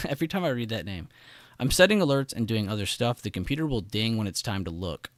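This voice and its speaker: A man's voice: on the low side, animated, brisk, dry recording. A man hosting a live trading stream, giving casual market commentary and chatting with viewers in the chat. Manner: casual, chatty, laughs often, talks to chat directly. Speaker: trading livestream host.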